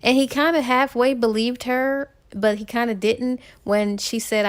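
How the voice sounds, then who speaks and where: A woman's voice: on the high side, steady tone, a little slow, few pauses. A woman casually retelling a novel's plot for a book review, chatty and full of "he was like" and "or whatever.". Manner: chatty, filler-heavy with "he was like".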